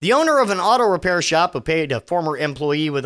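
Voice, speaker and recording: Sarcastic man with a lively voice. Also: a little high, fast, hardly any pauses. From Virginia. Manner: sarcastic, profane, stammering restarts. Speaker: podcast host. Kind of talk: solo news commentary podcast.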